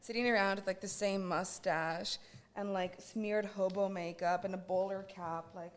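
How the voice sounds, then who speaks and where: A woman comedian guest on a podcast, riffing on bold jokes in a quick, deadpan way. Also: medium pitch. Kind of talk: casual comedy chat.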